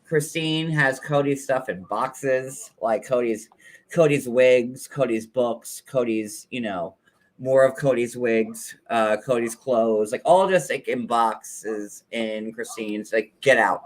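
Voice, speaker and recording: A man hosting a casual gossip chat, telling stories in an animated, theatrical, campy way. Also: medium pitch, takes it slowly. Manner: animated, camp, theatrical storytelling. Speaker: show host.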